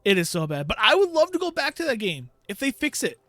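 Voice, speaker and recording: Male gaming YouTuber, higher voice, dry close mic, exasperated ranting review with laughs. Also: wildly swooping pitch, quick pace, fairly bright tone, no echo. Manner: exasperated, laughing storyteller who acts out his own reactions. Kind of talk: casual ranting game review.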